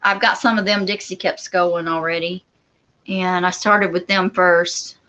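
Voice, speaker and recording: A woman's voice: fairly low pitch, fairly even intonation, unhurried, sharp tone, low-quality recording. A woman co-hosting a homestead livestream, chatty and agreeable, chiming in often. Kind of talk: casual live-stream chat.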